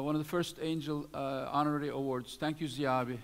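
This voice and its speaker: A man's voice: fairly high pitch, fairly even intonation, brisk, hardly any pauses. Man presenting awards in a reverberant hall. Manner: reads lists of names with frequent fillers. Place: event hall.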